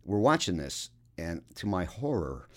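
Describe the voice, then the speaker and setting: A man's voice: low-pitched, sing-song, measured pace. A man who is an actor, a guest in a casual chat, telling wry stories and laughing through his anecdotes.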